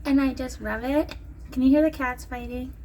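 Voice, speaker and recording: A woman's voice: high-pitched, steady tone, normal speed, warm tone. A woman chatting to camera at home as a vlogger selling nail strips, rambling and joking as she goes. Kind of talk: casual chat to camera. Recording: distant mic with clear background noise.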